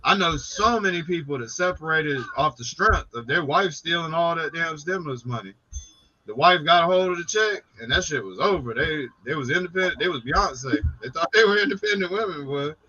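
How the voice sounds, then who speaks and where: A man's voice: on the high side, expressive, brisk, bright, forceful tone, muffled recording. A man hosting a casual late-night chat, talking in loose, profane banter. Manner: profane, laid-back banter.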